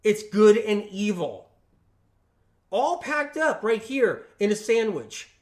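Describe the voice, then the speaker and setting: On a relaxed livestream, a health channel host with a very high voice takes a slow pace, hammering home and repeating his points while tossing in tag questions to check with listeners. Quoting friends, he shifts into lively voices.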